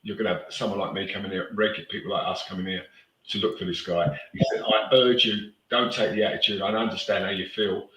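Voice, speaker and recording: A man's voice: deep voice, fairly even intonation, fast talker, background noise. Blunt rambling man, echoey room. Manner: rambling, blunt, swears freely. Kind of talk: casual live-stream chat.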